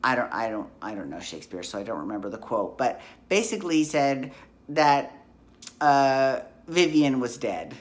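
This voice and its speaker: A woman with a notably low voice hosts a casual soap opera recap. She talks in a loose, chatty way, blunt and quick to swear as she goes through what happened. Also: expressive.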